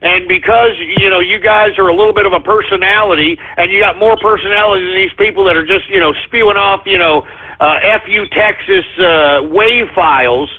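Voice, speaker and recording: Tinny-sounding high-voiced radio host man. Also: fairly quick. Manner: rambling, many fillers and restarts. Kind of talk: call-in radio talk.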